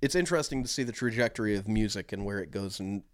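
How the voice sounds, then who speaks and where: This male podcast co-host talks fast in a lowish voice, rambling through casual chat with many fillers and restarts. The recording is dry and studio quality.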